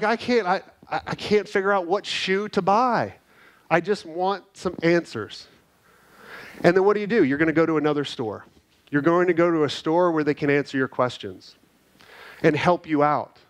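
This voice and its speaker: A middle-aged man giving an energetic, animated conference talk, telling stories and checking in with the crowd with "right?". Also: fairly high pitch. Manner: energetic, animated storytelling with frequent "right?" tags. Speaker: conference speaker. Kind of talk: keynote talk to a live audience. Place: conference hall.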